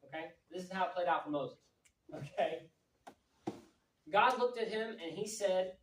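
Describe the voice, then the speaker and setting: A woman preaching a lively, jokey, conversational sermon to young people in a meeting hall. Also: on the low side, a little slow, pauses often. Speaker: youth pastor. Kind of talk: youth sermon. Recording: roomy echo from a distant mic, faint noise.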